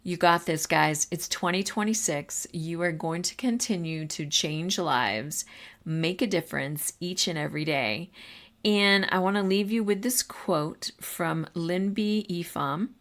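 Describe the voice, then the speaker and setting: A woman's voice: on the low side, measured pace, fairly bright tone. A middle-aged woman hosting a podcast for teachers, talking in a casual, encouraging way with fillers and asides. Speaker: podcast host.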